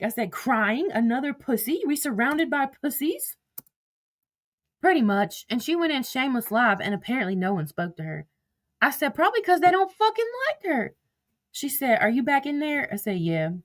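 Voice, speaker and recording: A woman, casually reading text-message screenshots aloud as a commentator, blunt and profane, with sudden outbursts. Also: fairly high pitch. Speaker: social media drama commentator.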